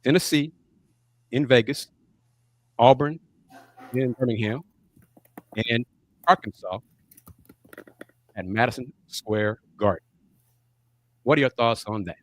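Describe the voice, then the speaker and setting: A man's voice: mid-range voice, takes it slowly, pauses often. A man hosting a casual sports talk show, chatting through news and calling on his panelists by name. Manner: conversational, calls on panelists by name. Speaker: podcast host.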